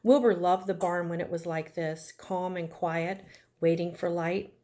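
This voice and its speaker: A woman teacher reading a chapter book aloud to her class, gently stopping to ask the children questions. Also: lowish voice, fairly even intonation, unhurried.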